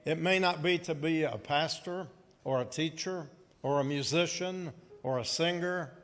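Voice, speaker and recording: A pastor preaching a sermon and reading scripture, slow and deliberate, calling on the congregation to answer back. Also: male voice, a little high, a bit bright, in a large hall.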